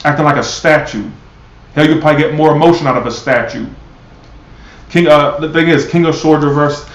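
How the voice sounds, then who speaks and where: Blunt male tarot reader, sarcastic and profane, mid-pitched, roomy lo-fi sound. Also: brisk. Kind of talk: live tarot reading.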